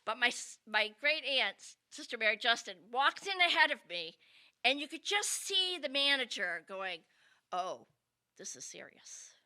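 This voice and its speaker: Woman, comedic storyteller, high voice, very lively pitch, wry asides. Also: moderate pace. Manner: animated, wry asides to listeners.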